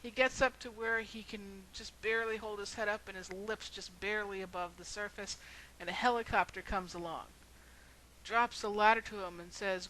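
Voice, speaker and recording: A woman's voice: mid-range voice, steady tone, moderate pace, pushed and bright, rough recording. A woman video blogger telling a story and then making an earnest, rhetorical argument.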